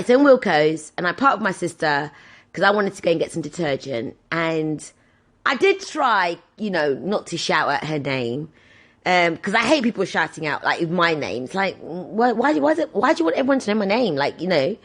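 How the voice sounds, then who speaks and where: A woman in her thirties hosting a podcast, telling casual stories and acting out the people in them. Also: on the low side. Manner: animated, acts out voices in her anecdotes. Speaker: podcast host. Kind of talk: casual storytelling monologue.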